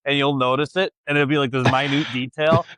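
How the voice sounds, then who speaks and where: A man's voice: medium pitch, fairly even intonation, fairly quick, a bit bright, clean tone, no room sound. Male co-host from Buffalo, teasing and chatty, mid voice, dry close mic. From Buffalo, New York. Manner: chatty, teasing, laughs easily. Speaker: podcast co-host. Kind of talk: casual chat.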